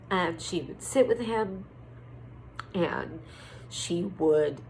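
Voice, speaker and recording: A middle-aged woman giving a heartfelt birthday tribute to a family member, emotional and choked up, halting with fillers. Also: low voice, slight background noise, poor audio. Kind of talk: heartfelt personal tribute to camera.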